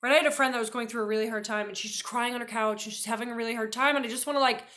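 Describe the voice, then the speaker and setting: A woman educator talks through a lesson in a relaxed, chatty way, stopping often to check in with her listeners. Her voice is bright and a little sharp, set somewhat high for a woman. She tells her stories with lively energy. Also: very fast. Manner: chatty, peppers talk with "right?"; lively storyteller who acts out quoted voices. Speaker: behavior educator. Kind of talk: casual teaching talk to camera.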